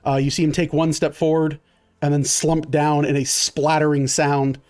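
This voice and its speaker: A man's voice: on the high side, flat delivery, moderate pace, a little mellow. A man running a tabletop game as dungeon master, narrating vividly with many fillers.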